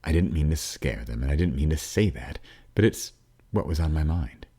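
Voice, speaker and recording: A man narrating an audiobook as a father, with a warm storytelling manner, wry asides and the odd dip into a whisper. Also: very deep voice, animated, normal speed, husky.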